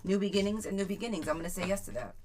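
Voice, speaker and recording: A woman's voice: medium pitch, fairly even intonation, very fast, darkish tone. A woman reading tarot on a live stream, chatting casually, repeating viewers' questions aloud and stumbling over her words. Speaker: tarot reader.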